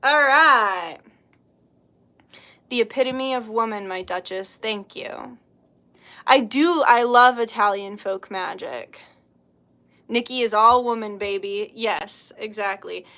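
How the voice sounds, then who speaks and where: A woman's voice: on the high side, slow, pauses often, bright, forceful tone. A woman hosting a casual livestream, chatting, telling stories with laughs and reading comments, blunt when annoyed. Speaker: spiritual healer and livestream host.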